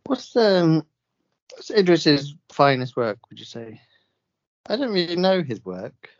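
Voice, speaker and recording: Cheeky, slightly high-voiced man. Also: sing-song, unhurried, no echo, dull audio. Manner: teasing, cheeky banter. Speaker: podcast co-host. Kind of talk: casual chat.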